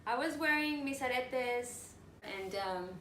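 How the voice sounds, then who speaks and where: A woman's voice: sits high, expressive, slow. A woman co-hosting a casual podcast, telling a story and swearing freely, with Spanish words mixed into her English. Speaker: podcast co-host. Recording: echoey room with faint noise.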